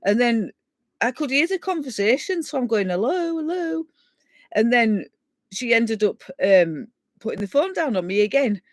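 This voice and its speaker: A woman's voice: a little high, lively intonation, normal speed, no echo. Chatty Yorkshire woman rambling on a live stream. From England. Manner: rambling and chatty, laughing as she reads out comments. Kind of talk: casual live-stream chat with viewers.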